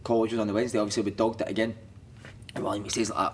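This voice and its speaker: Fast-talking Scottish man telling stories. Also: lowish voice, little pitch movement. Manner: swears freely, laughs through stories, acts out other people's lines. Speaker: podcast guest, former footballer. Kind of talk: casual storytelling. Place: studio couch.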